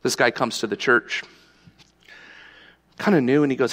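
A man's voice: mid-range voice, animated, normal speed, long pauses, fairly bright tone, in a large hall. A male pastor preaching a sermon, telling a personal story in a conversational storytelling way.

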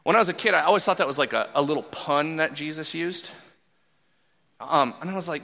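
Bright-voiced pastor preaching in a hall. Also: male voice, fairly high pitch, fairly quick, gravelly. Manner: casual and joking, with frequent restarts. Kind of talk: sermon. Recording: long reverb from a large hall.

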